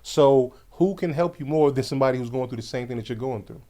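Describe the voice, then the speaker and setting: A man chatting on a podcast, thoughtful and unhurried. He pauses and restarts as he works through his point. His pitch sits in the ordinary middle range for a man. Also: dark tone. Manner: reflective, hesitant, frequent "you know" and "um". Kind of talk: casual podcast conversation.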